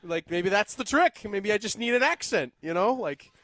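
A man's voice: high voice, normal speed, dry recording. A man co-hosting a sports talk radio show, telling stories with laughs and rambling asides. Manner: animated, laughing, rambling storyteller. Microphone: studio broadcast mic.

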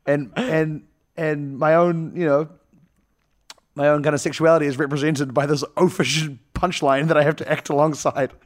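A man's voice: fairly high pitch, little pitch movement, moderate pace. A man in casual, joking film chat who laughs often and acts out quotes from characters.

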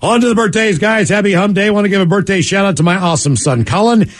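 A radio show host reading listener emails aloud on air, with lively conversational asides. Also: male voice, high voice, quick pace.

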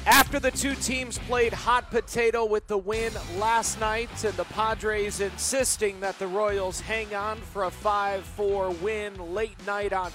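A man hosting a postgame sports radio show, talking excitedly and animatedly about the win and taking calls from a studio microphone. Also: high-pitched. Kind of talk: postgame call-in show talk.

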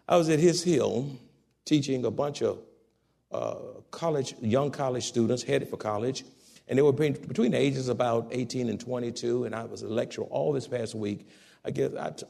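A man preaching a sermon, swinging from loud exhortation to soft, low asides. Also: vocal fry.

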